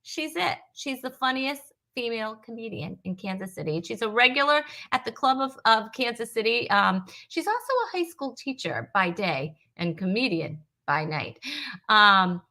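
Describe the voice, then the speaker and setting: A woman's voice: on the high side, lively intonation, normal speed, sharp tone. A woman from Rhode Island hosting a live comedy stream, chatty and teasing, rambling with fillers as she greets viewers. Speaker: host.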